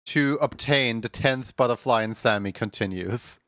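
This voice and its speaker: A man's voice: mid-range voice, moderate pace, fairly bright tone, smooth, no room sound, studio quality. A man hosting a live stream in casual chat, often stumbling over repeated words and laughing between thoughts.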